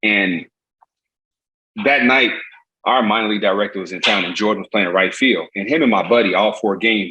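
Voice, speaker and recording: A man from Indiana, a former pitcher, animatedly telling stories as a podcast guest. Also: low-quality recording. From Gary, Indiana. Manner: animated, acts out voices, laughs easily. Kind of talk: casual storytelling.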